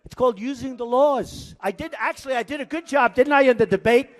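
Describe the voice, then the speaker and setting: A man's voice: extremely high pitch, a little fast. A man speaking at a political campaign rally, boastful and rambling, repeating himself as he riffs to the crowd. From United States. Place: large indoor rally venue.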